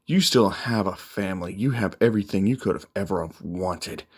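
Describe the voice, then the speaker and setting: Brief: enraged young hero demigod, bitter, vengeful, lowish voice, read by a man. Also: brisk, breathy edge. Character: furious grieving young male demigod hero.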